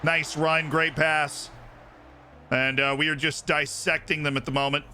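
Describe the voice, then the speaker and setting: A male streamer giving lively, excitable commentary on a football management game as he plays live, shouting at his players on screen. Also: on the high side, a little slow, slight background noise.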